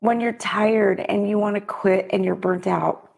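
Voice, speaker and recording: A woman's voice: medium pitch, fairly even intonation, a little slow, vocal fry, a little mellow. A middle-aged woman hosting a podcast, giving a heartfelt motivational talk straight to her listeners. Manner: heartfelt, preachy, direct address to listeners. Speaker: podcast host and business coach.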